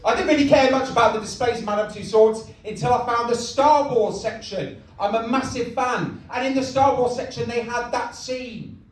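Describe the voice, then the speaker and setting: A young man doing a stand-up comedy set in a comedy club, deadpan and self-mocking. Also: extremely high pitch, normal speed. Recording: echoey club from far off.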